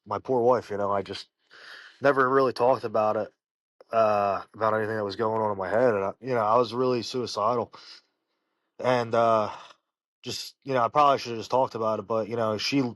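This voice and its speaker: A man, a professional fighter, telling personal stories in an interview, halting and full of fillers and restarts. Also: fairly low pitch, no echo. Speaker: professional fighter, podcast guest. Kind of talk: casual interview storytelling.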